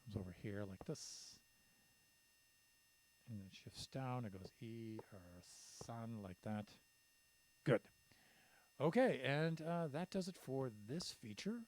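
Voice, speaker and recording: A man's voice: medium pitch, expressive, slow, long pauses, a little mellow. A man streaming a building game, counting blocks aloud and talking to himself as he works. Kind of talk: casual commentary while building in a game.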